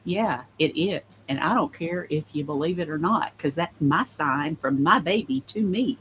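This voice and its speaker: A woman's voice: deep voice, animated, moderate pace, fairly bright tone, slight background noise, poor audio. A woman guest on a podcast, telling a personal story in an earnest, emphatic way. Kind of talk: casual conversation.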